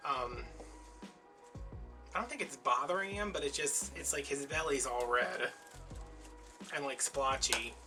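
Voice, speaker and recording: Bright-voiced chatty man telling stories. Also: mid-range voice, measured pace, pauses often, faint music behind. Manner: chatty storyteller, acts out quoted voices. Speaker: crafting vlogger. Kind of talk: casual chat while crafting.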